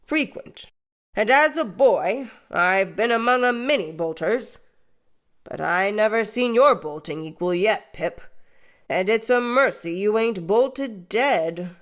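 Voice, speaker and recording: Slow, solemn working man, kindly and confiding, put on by a woman narrator for an audiobook. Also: mid-range voice, animated. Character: gentle slow-spoken blacksmith man, kindly.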